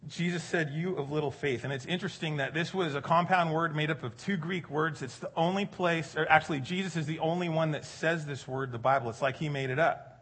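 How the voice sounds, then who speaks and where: A middle-aged male pastor delivering a sermon with a husky, slightly high voice. He talks casually and jokes with his listeners, then pushes his voice up and out to drive a point home. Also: a little fast, few pauses. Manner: conversational and joking, rising loud for emphasis.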